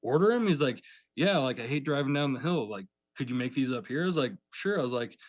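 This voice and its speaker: As a podcast guest, a pepper farmer talks animatedly and quickly, his pitch right in the middle for a man. He packs sentences with fillers, rambles, and recreates old exchanges through quoted dialogue. The audio is close and dry, without echo.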